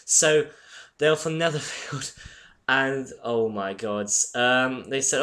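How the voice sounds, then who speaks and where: A teenage English lad with a bright, forward voice, chatting his way through a story over gameplay. He jokes, swears casually and laughs mid-sentence, with his pitch sitting in an ordinary middle range. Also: slow. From England. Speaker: gaming commentator.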